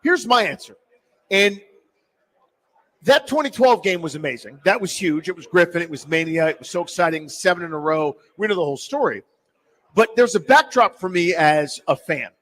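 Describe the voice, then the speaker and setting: A man hosting sports talk radio, animated and jokey in casual talk. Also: sits high, normal speed, low-quality recording.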